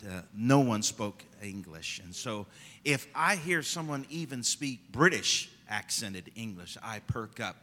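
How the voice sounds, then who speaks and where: A man pastor preaching a fervent sermon, rising to loud emphasis and dropping to quiet asides. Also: mid-range voice, in a large hall.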